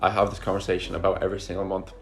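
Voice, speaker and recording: Chatty young man, low voice. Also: monotone, very fast, faint music behind. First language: Russian. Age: 20s. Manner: chatty and enthusiastic, swears often. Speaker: vlogger. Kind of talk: casual Q&A chat to camera. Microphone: camera he sets up himself.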